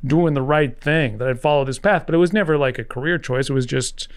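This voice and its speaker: A man's voice: a little high, a little fast, clean tone. A man from Canada in his thirties, a guest author chatting casually in an earnest, rambling way. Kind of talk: casual conversation.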